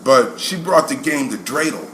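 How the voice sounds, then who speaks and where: A man's voice: mid-range voice, moderate pace, over a noisy crowd. A man hosting a podcast, telling a childhood story in casual chat and acting out the people in it. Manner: animated, acts out quoted voices, laughs often. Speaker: podcast host. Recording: echoey room with noise.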